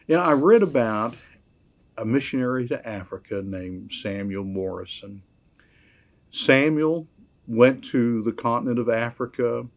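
A man preaching a sermon, measured and emphatic, repeating key phrases. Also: on the low side. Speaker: pastor.

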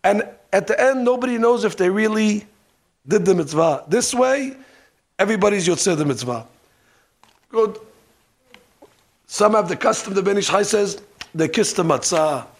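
A man teaching a hands-on religious lesson, animated and joking, dropping Hebrew terms as he demonstrates. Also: high voice, gravelly. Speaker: rabbi teaching. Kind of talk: demonstration lesson on ritual practice. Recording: archival lesson recording.

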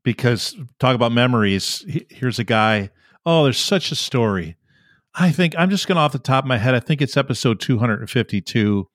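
A man's voice: medium pitch, expressive, brisk, a bit bright, dry recording, studio quality. Enthusiastic podcast host man. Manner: enthusiastic storyteller. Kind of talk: podcast conversation.

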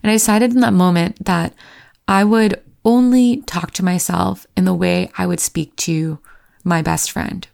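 A woman's voice: lowish voice, steady tone, a little slow, vocal fry, a little mellow. A woman in her thirties telling a candid, self-deprecating personal story to camera, sometimes acting out her own inner voice. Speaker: vlogger.

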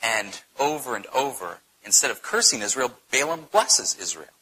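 A man teaching a Bible study, telling the story in a conversational, animated way, often checking in with "right?". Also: medium pitch, normal speed, breathy edge, rough recording.

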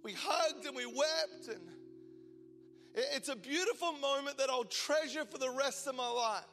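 Guy in his 40s preaching, high bright voice, booming hall reverb, soft music under it. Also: moderate pace. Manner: impassioned, swinging from loud declaration to hushed intimacy. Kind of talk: sermon.

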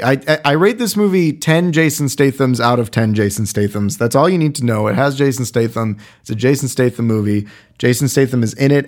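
A man giving a casual, rambling film review in a wry, irreverent way, full of fillers. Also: mid-range voice.

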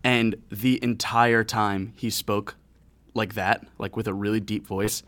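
A man's voice: fairly low pitch, little pitch movement, measured pace, fairly bright tone. Laughing young man telling a story. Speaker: podcast co-host. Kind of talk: casual storytelling banter.

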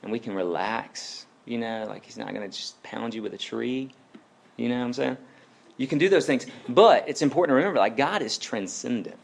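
Pastor guy, super casual sermon, keeps saying right and like, mid-pitched voice. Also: fairly quick, creaky. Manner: chatty and informal, with lots of tag questions and fillers.

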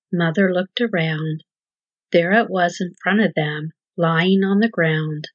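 A woman hosting and narrating a rhyming children's story in a measured, sing-song delivery. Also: fairly low pitch, no room sound. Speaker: storyteller host. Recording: dull lo-fi dry recording.

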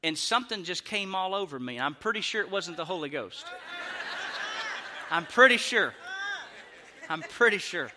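A young adult man from Arkansas, telling a stand-up story in an animated, laughing, self-mocking way. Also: on the high side. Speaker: comedian.

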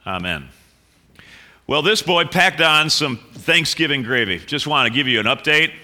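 Bright-voiced pastor in a reverberant church. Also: male voice, fairly high pitch, normal speed. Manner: relaxed, joking, with fillers and restarts. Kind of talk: sermon opening with prayer and chat. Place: church sanctuary. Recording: long hall reverb.

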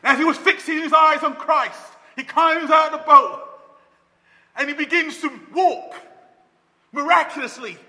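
A man preaching with a very high, bright, forceful voice. He swings from loud calls to soft, low lines. His voice carries a long reverb, as if he stands in a church hall. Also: moderate pace. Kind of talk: sermon.

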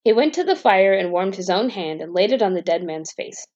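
A woman reading a fairy tale aloud as a bedtime story, in a calm, even storytelling manner. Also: mid-range voice, a little fast, dull audio.

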